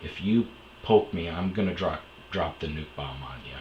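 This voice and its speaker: A man's voice: low-pitched, animated, normal speed, roomy sound, lo-fi sound, slight background noise. A man from Wisconsin telling a personal story as a podcast host, blunt, candid and profane. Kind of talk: storytelling monologue.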